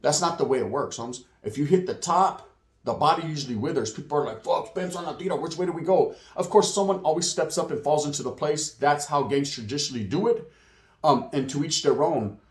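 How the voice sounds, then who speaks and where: A streetwise man holds forth in a casual monologue, sprinkling slang and voicing the people he quotes. His voice sits a bit high for a man and runs slightly hoarse. The room around him is echoey. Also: expressive, brisk. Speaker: channel host, street news commentator. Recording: roomy echo.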